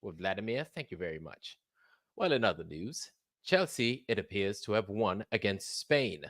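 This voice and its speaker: Solemn British studio anchor with a put-on accent, performed by a man, deep and quiet. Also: lively intonation, no echo. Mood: grave. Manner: hushed, grave, measured.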